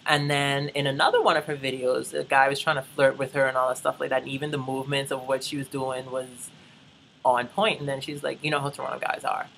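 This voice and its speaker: This is casual travel-vlog storytelling from a young adult from the Bahamas, who chats directly to "y'all" and keeps drifting into asides. A mid-range, gravelly voice with fairly bright tone and fairly even intonation moves a little fast. The rough recording has a little hiss or hum.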